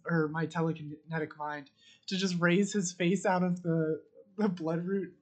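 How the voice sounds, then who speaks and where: A woman's voice: on the low side, steady tone, moderate pace. A woman playing a tabletop role-playing game, describing her character's actions eagerly. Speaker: player. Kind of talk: casual tabletop play.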